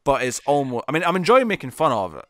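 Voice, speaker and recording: A man of ordinary pitch co-hosts a casual TV review podcast. He talks in quick bursts, restarts and repeats words. The sound is dry and close, with no room. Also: dry recording. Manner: animated, repeats words, many fillers and restarts. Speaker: podcast co-host. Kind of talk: casual chat reviewing TV episodes.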